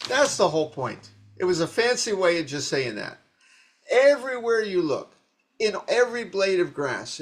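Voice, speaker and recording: A man giving a dharma talk as a Zen teacher, telling old stories in an animated, rambling way with many restarts. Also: sits high.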